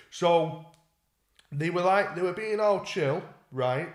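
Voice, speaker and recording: A man's voice: a little high, measured pace. A young man, co-hosting a podcast and telling a story in casual chat, swearing and restarting often. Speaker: podcast co-host. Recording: echoey room.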